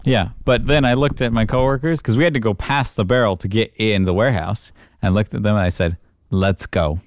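A man's voice: on the low side, fast, no echo. A man in casual chat, animatedly telling a story from work and acting out his own panic.

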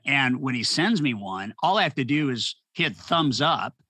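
Animated storytelling man, bright voice. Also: medium pitch, normal speed, no echo. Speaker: author and speaker; podcast guest. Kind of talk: storytelling conversation.

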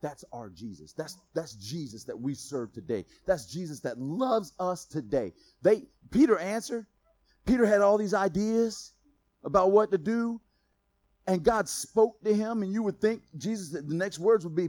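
A man with a high voice preaching a relaxed, conversational sermon. He jokes and laughs between points, then drops to a hushed, intense tone. The sound is dry and close, with no room echo. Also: normal speed. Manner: swings from loud emphasis to quiet intensity. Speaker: pastor.

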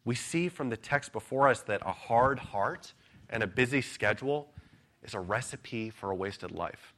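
A man preaching an earnest, measured expository sermon, pausing now and then with an "uh". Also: mid-range voice, expressive, fairly bright tone. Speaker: pastor.

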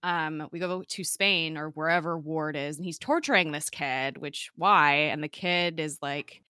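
A woman's voice: sits low, unhurried, pushed and bright, smooth, no room sound, studio quality. A woman casually recapping a TV episode, chatty and full of fillers, laughing often. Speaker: podcast co-host recapping a TV episode.

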